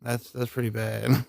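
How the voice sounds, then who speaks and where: This is casual live-stream storytelling from a middle-aged army veteran whose war tales wander, full of profanity, frequent laughter, and folksy grammar. His voice is gravelly and mellow at an ordinary pitch. The sound is dry and close-miked.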